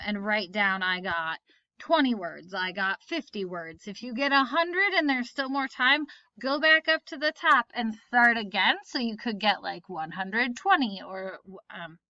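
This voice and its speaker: A woman teacher recording a phonics lesson, explaining patiently and slowly with example words. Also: fairly high pitch, bright, forceful tone, no room sound, dull audio.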